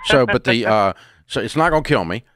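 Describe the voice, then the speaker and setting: A man's voice: mid-range voice, expressive, fairly quick, a bit bright, no echo. An older man hosting a call-in advice show, speaking in a blunt, folksy, plain-spoken way. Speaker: radio show host. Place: radio studio.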